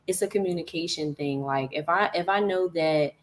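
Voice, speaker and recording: A woman speaks as a guest in a casual livestream chat, earnest and conversational. Her voice is notably low for a woman. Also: moderate pace, poor audio. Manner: earnest, conversational, laughs often.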